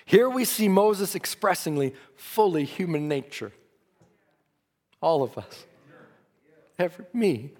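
High-voiced preacher in a reverberant hall. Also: male voice, lively intonation, a little slow, a little mellow. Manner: earnest preaching, rising and falling in emphasis. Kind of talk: sermon.

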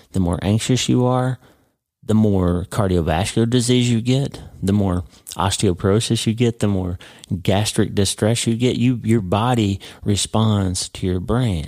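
Man, very low voice, dry close sound, earnest devotional podcast teaching, calls listener friend. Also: a little mellow, no room sound. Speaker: podcast host.

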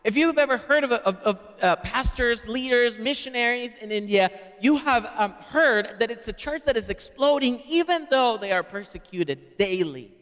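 A man's voice: very high voice, lively intonation, normal speed, few pauses, fairly bright tone. A man preaching a sermon to a live congregation and having them repeat words back. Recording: long hall reverb.

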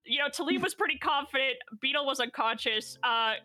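A woman recapping a tabletop game session in casual narration, animated and laughing, often swearing and acting out quotes. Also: high-pitched, fairly quick.

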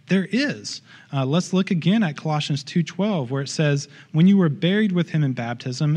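Guy preaching at church, kinda high voice, earnest but chatty with the congregation. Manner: earnest, conversational preaching with asides. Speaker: pastor. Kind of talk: sermon.

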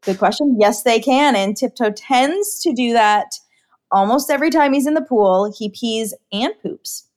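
A woman's voice: a little high, a little slow, a little mellow. A woman from California, a pet-owner guest in a casual interview, talking in a bubbly, giggly way with lots of "like". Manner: bubbly, giggly, heavy use of "like".

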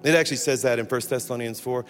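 A man preaching as a pastor, telling a funny personal story in an animated way and breaking off to restart his sentences. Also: mid-range voice, racing. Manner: animated, humorous, self-interrupting storyteller. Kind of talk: storytelling sermon. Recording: long hall reverb with faint music.

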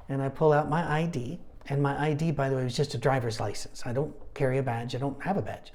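A middle-aged man leading a Bible study, talking casually and telling animated stories with asides. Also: a little high, fast. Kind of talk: conversational Bible teaching.

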